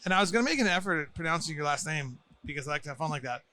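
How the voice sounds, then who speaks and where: Bright-toned, chatty host. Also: male voice, fairly high pitch, expressive. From United States. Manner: chatty, playful, quick bursts of talk. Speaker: podcast host. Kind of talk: conference floor interview. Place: busy conference venue.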